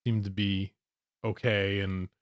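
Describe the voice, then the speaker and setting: A man's voice: fairly low pitch, flat delivery, takes it slowly, clear, resonant tone, no echo. A man co-hosting a casual chat, laid-back with a dry sense of humor. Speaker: co-host, husband.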